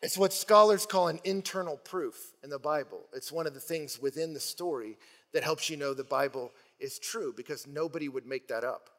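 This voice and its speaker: A man preaching a sermon, telling stories in an animated, playful way and acting out the scenes. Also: on the high side, moderate pace. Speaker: pastor. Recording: long hall reverb.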